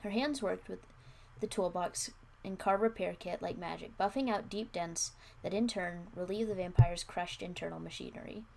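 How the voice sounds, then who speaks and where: A woman's voice: on the low side, normal speed, creaky, darkish tone, a little hiss or hum. Young woman reading aloud, wry asides. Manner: wry, self-mocking commentary. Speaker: streamer.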